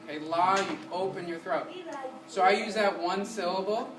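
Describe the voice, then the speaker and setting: A man's voice: high voice, normal speed. A man teaching a music lesson to a class, quizzing students and singing short syllables to demonstrate. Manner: energetic, keeps asking the class questions. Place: community center room. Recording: roomy, distant mic with room noise.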